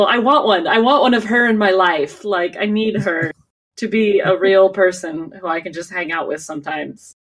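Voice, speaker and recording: A woman co-hosts a casual podcast chat in a slightly low voice. She talks loosely, stacks up fillers and restarts, and breaks into laughter often. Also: distant mic. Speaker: podcast co-host.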